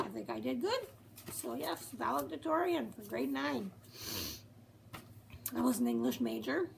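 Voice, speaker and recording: A woman's voice: high-pitched, creaky, fairly bright tone, slight background noise, low-quality recording. A woman chatting to camera as a vlogger, laughing often as she talks. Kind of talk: casual chat to camera.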